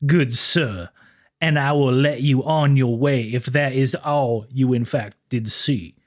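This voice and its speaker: A man's voice: medium pitch, fairly even intonation, lightly acted. A man doing a stiffly polite police officer. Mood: formal. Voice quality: slow, stiff, courteous formal diction. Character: overly polite formal male police officer.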